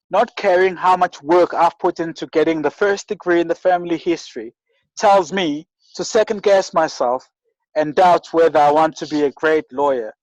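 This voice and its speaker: Earnest South African man, slightly high voice. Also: no room sound, rough recording. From rural KwaZulu-Natal, South Africa. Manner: earnest, many restarts and repeated words. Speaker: guest. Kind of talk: reflective interview storytelling.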